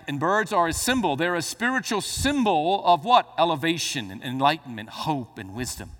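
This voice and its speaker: A man preaching a sermon as pastor, swinging between quiet explanation and rising exclamations, with playful asides to the congregation. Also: fairly high pitch, long reverb tail.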